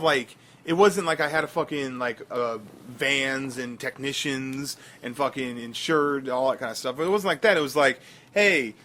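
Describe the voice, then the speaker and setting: A man's voice: medium pitch, bright, forceful tone. A man co-hosting a casual podcast, rambling through stories with many fillers and restarts. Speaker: podcast co-host.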